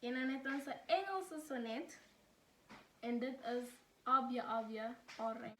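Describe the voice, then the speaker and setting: A woman's voice: on the high side, unhurried, slight background noise. Chatty young South African woman tutor. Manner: chatty, laughs, swears casually, mixes English with Afrikaans. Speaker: student tutor. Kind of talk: casual study-tips video. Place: home room during load shedding. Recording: echoey room, mic at a distance.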